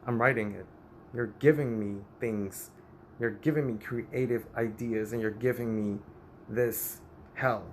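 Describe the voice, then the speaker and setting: A man's voice: on the low side, fairly even intonation, unhurried, slight background noise. Guy venting about his family, candid and emotional, storytelling vlog style. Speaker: vlogger. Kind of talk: personal storytelling.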